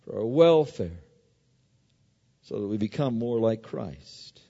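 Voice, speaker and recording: A man's voice: on the low side, animated, slow pace, creaky, warm tone, slightly rough. A middle-aged man preaching a sermon in a conversational style, with stories and frequent restarts. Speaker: pastor. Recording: dull recording with long hall reverb.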